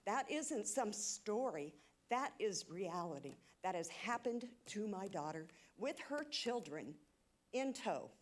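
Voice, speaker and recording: A woman's voice: medium pitch, very animated, slow. A woman giving an emotional, indignant public comment at a city council meeting. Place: council chamber.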